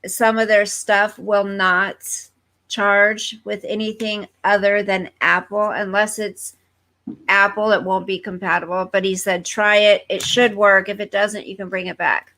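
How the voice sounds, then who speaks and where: A woman's voice: medium pitch, level tone, unhurried, pushed and bright. A woman hosting a casual livestream from home, chatting with viewers and reading their comments aloud. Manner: chatty, talks straight to viewers, easily distracted. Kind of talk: casual live chat. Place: at home, fireworks outside.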